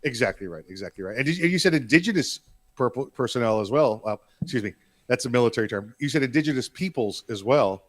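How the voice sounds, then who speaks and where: A man's voice: medium pitch, animated, quick pace, no echo. A man co-hosting a political talk podcast, joking and wisecracking in casual banter. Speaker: podcast co-host.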